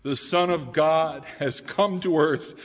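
A male pastor preaching a sermon in a church, swinging from loud declarations to hushed lines. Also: on the high side, slow pace. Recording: dull sound with long hall reverb.

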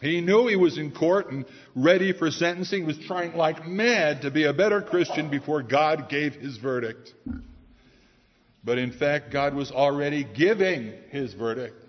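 A male pastor preaching a sermon in a church, swinging from loud declarations to hushed lines. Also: on the high side, moderate pace. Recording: dull sound with long hall reverb.

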